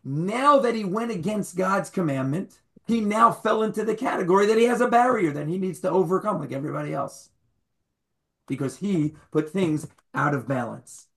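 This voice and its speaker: A man's voice: high voice, animated, normal speed, vocal fry, fairly bright tone. Quizzing, wry male Torah teacher. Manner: quizzes the audience, wry humorous asides; repeats key words for emphasis. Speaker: rabbi teaching a class. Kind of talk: Torah class lecture.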